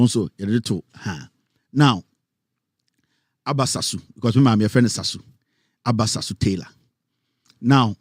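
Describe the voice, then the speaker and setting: A man's voice: mid-range voice, no room sound. A man with a Ghanaian accent hosting a radio talk show, chatting casually and telling stories, close to the mic. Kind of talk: casual radio talk mixing Twi and English.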